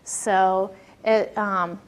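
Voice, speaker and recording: A woman's voice: mid-range voice, fairly even intonation, extremely slow. A woman giving a workshop lecture on classroom behavior, talking conversationally and asking her audience questions.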